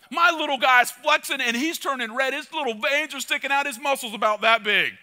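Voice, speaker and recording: A middle-aged pastor preaches with a high, bright, sharp-edged voice. He drives his points home by repeating phrases and swings from loud, urgent calls down to quiet, close asides. It is a passionate sermon delivery. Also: fairly quick, hardly any pauses.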